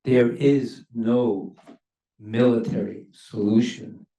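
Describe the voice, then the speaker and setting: Gravelly older man, emphatic panel talk. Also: mid-range voice, fairly even intonation, warm tone. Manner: measured, emphatic, stresses key words. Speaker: panelist, former ambassador. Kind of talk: panel discussion remarks. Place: university lecture hall. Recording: echoey hall, mic at a distance.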